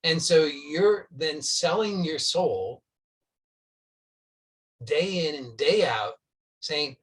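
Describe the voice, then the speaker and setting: A man's voice: on the high side, animated, very slow, long pauses, far from the mic, low-quality recording. A man giving a spoken spiritual teaching, earnest and insistent, repeating points for emphasis.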